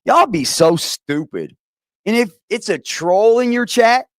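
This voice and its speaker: A man ranting profanely as host of a livestream, swinging from low growls to sharp highs. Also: no echo, clean studio sound. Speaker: streamer host. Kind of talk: heated livestream rant.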